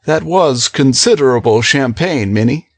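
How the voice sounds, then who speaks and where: A woman reading an audiobook, voicing a secretive, wheedling young gentleman in a lowered, slow voice. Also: animated, no echo, full character voice. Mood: coaxing. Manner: low, slow, urging delivery. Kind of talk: audiobook character voice.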